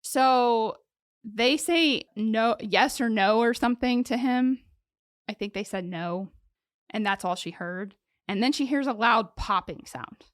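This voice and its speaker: A woman's voice: fairly high pitch, a little slow, no room sound, clean studio sound. A woman co-hosting a podcast, telling a true-crime case in a casual, joking way with many fillers. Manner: joking, chatty, lots of "like" fillers.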